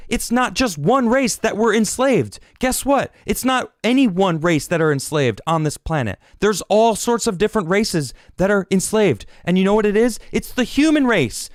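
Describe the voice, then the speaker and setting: A man hosting his own podcast is mid-rant about politics, animated and exasperated, frequently stumbling and starting over. His pitch jumps up and falls away, and the sound is dry and close with no room sound at all.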